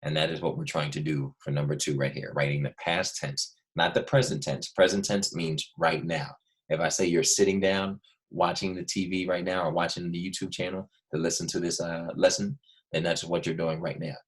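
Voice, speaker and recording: A man teaching a recorded lesson to young students, explaining patiently and repeating key points slowly. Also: low voice, little pitch movement.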